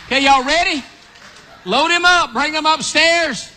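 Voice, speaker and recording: A man preaching an animated sermon, acting out a story with volunteers and calling out to the congregation. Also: measured pace, big-room sound, slight background noise. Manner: animated, calls out to the audience, builds to excited high shouts.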